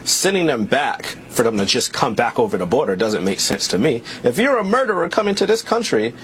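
A man's voice: mid-range voice, big pitch swings, brisk, a bit bright, slight background noise. A man being interviewed on television as a political candidate, insistent as he explains his view.

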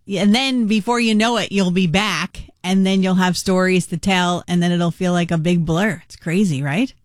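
A woman's voice: fairly low pitch, steady tone, moderate pace, no echo, studio quality. A woman radio host telling a story in casual on-air chat, acting out the voices of the people in it.

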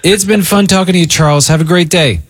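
A man's voice: high voice, fast, no echo. A man hosting a casual morning radio show, telling joking stories from a studio. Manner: laid-back, joking storyteller.

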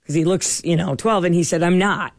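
A middle-aged woman host in casual chat, telling stories in an animated way and acting out what people said. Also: on the low side, brisk, dry recording, clean studio sound. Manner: animated, acts out quoted dialogue.

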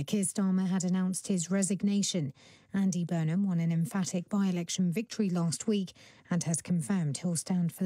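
A woman reading a radio news bulletin in a measured, formal studio delivery. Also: lowish voice, mellow, dry recording. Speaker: newsreader. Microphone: studio microphone.

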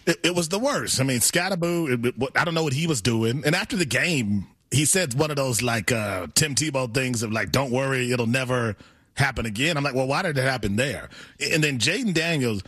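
A man co-hosting a sports talk show, animated and self-mocking. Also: mid-range voice, a little fast, slightly rough, dry recording, studio quality.

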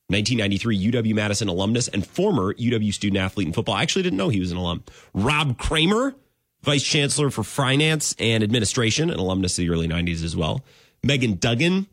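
A man hosting a sports talk radio show, rambling and animated with sudden jumps in pitch. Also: breathy edge, dry recording, clean studio sound.

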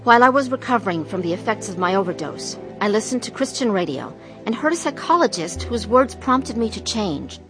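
An earnest, confessing wife. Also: female voice, medium pitch, sing-song, fairly quick, hardly any pauses, over music. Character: troubled middle-aged wife telling her story, woman. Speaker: narrator and main character. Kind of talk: dramatized testimony narration.

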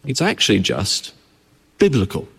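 A man's voice: lowish voice, wildly swooping pitch, normal speed, gravelly, a bit bright, husky, long reverb tail. A man preaching a sermon to his congregation. He keeps the tone conversational and often puts rhetorical questions to his listeners. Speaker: pastor. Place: church.

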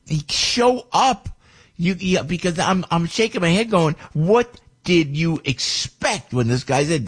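An American man hosting a talk radio show, rambling and opinionated, his voice jumping high when he gets worked up. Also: a little mellow, husky.

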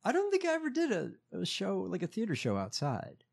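A man co-hosting a podcast, reading political news aloud with profane asides and halting fillers. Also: sits high, huge pitch swings, gravelly, husky. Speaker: podcast co-host.

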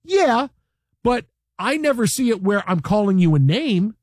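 A high-pitched man on a sports talk show, pressing his point hard and circling back to it again and again. His voice sits close and dry on the studio mic, with no room around it. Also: big pitch swings, measured pace, dry recording. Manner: emphatic, repeats himself, mimics coaches yelling. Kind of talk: animated sports radio debate.

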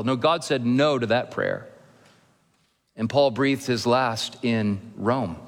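Male pastor preaching in a reverberant church. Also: medium pitch. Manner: earnest, measured preaching with gentle humor. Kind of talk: sermon. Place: church sanctuary. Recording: long reverb of a church hall.

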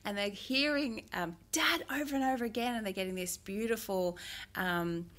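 A middle-aged woman speaks as a music therapist in an interview. Her voice sits at an ordinary middle pitch. She explains things gently and steadily, often pausing on "um" as she gathers her thoughts. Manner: gentle, measured, frequent "um" pauses.

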